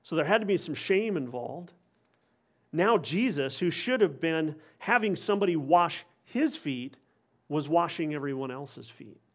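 A man's voice: on the high side, expressive, unhurried. A man preaching a sermon, explaining a passage in an earnest, expository way, with occasional wry asides.

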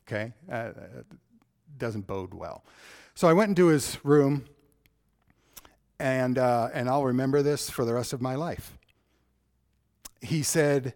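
A middle-aged man preaching a sermon, telling a personal story and swinging between loud emphasis and hushed, slow delivery. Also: mid-range voice.

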